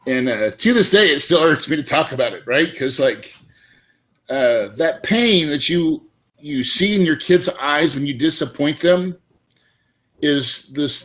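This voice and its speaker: A middle-aged man, a real estate investor, telling a candid personal story in a casual, emotional way. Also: a little high. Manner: casual, emotional, says dude and man often.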